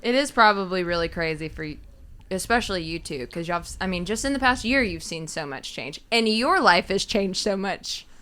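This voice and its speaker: A woman's voice: lowish voice, expressive, normal speed, a bit bright, clear, resonant tone. A woman hosting a casual chat, asking questions in an easygoing way. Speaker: host.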